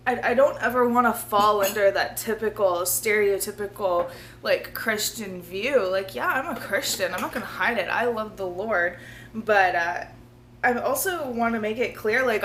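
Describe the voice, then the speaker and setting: Hoarse earnest woman vlogging casually. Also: medium pitch, fairly bright tone, a little hiss or hum. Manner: rambling, earnest, laughs often, drops to a near-whisper at times. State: losing her voice, feeling ill. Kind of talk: casual talking-to-camera vlog.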